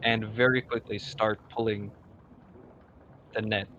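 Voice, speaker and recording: A man narrating a tabletop game as game master, in a slow, halting way with many fillers. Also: lowish voice, flat delivery, fairly bright tone. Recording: dull lo-fi recording with faint noise.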